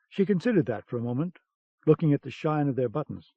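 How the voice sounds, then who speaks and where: A man narrating a novel in a steady, measured way for an audiobook. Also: fairly high pitch, dry recording. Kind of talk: scripted narration. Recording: dull cassette-era audiobook sound.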